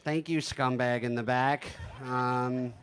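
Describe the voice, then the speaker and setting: A man's voice: mid-range voice, steady tone, slow pace, slight background noise. Profane man doing stand-up. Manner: profane, conversational, self-deprecating. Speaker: stand-up comedian. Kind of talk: stand-up storytelling.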